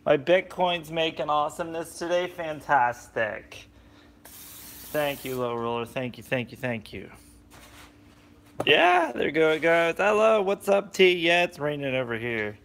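A man chatting on a live cooking stream, greeting viewers by name with sudden animated bursts, recorded on a phone on a selfie stick in a home kitchen. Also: a little high, unhurried.

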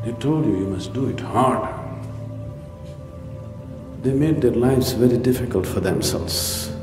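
Speaking at a measured pace in a mid-range voice, this spiritual teacher delivers a talk full of rhetorical questions and little jokes. The recording carries the echo of a large hall, with gentle music underneath.

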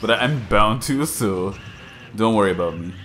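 Gaming host, man, chatty and self-deprecating, animated delivery, faint music underneath. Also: fairly low pitch, normal speed. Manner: chatty, self-deprecating, coaching himself aloud. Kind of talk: casual let's-play commentary.

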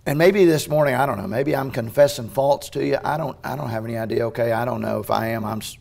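A male pastor preaching a sermon in a church, swinging between hushed, tender passages and loud, urgent ones, with frequent restarts. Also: mid-range voice, quick pace, vocal fry. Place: church sanctuary.

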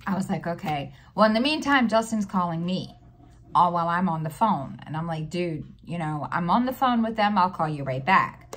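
A woman's voice: lowish voice, animated, normal speed, fairly bright tone. A middle-aged woman vlogging in casual chat, rambling with many fillers and restarts, telling an exasperated story with sighs.

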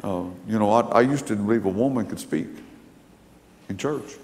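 A man's voice: fairly low pitch, normal speed, darkish tone. An older man preaching, telling stories in a folksy, emphatic way. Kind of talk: sermon storytelling. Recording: long hall reverb.

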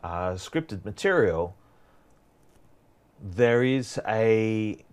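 A man's voice: on the low side, animated, drawn-out words, darkish tone, smooth. A man giving a prerecorded university lecture, explaining in a loose, conversational way that wanders from point to point.

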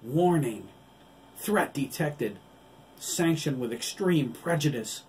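A man's voice: a little high, lively intonation, takes it slowly, a little mellow, voice pushed up. A man voicing a cyborg's mechanical system voice that makes clipped, robotic announcements, recorded from a distance with faint noise behind.

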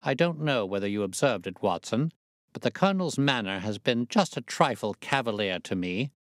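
A man reading the part of a sharp, confident male detective, crisp and faintly amused. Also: medium pitch, animated, normal speed, dry recording, studio quality, lightly acted.

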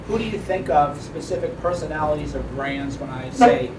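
A man interviews someone in a relaxed, conversational way, his voice a little higher than most. He sits away from the mic in an echoey room, with the steady hum of air conditioning behind him. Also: moderate pace, recorded from a distance. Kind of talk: casual interview questions.

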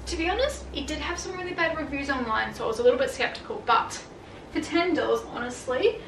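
A young woman, a fashion vlogger, chatting excitedly in her bedroom with lots of fillers. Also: high-pitched, quick pace, creaky, a little hiss or hum. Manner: gushing, filler-heavy, excitable. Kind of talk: casual vlog chat. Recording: echoey room, far from mic, music behind.

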